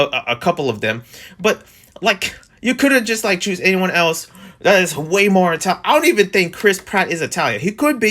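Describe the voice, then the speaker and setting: A young man in his twenties hosting a casual commentary vlog, rambling and animated, his voice jumping up when exasperated. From New Jersey. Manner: rambling, animated, restarts and fillers, pitch jumps when exasperated. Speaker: vlog host.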